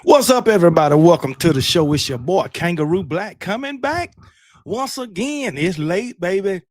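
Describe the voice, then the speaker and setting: On his late-night stream, a man with a high-pitched, expressive voice talks at a moderate pace with no echo. He yells hype loudly at first, then calmly reads out chat names and greets viewers in casual conversation.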